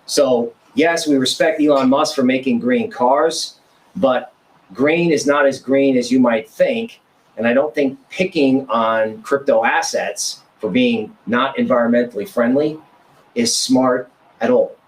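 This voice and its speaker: Male guest panelist, mid-pitched, punchy short phrases, opinionated. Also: measured pace, poor audio. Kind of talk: casual roundtable chat.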